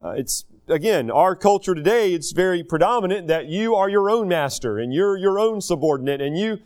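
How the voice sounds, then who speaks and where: A man preaches a sermon, working unhurriedly through a Bible passage and drawing out key phrases for emphasis. His voice is high and a little mellow, with lively intonation.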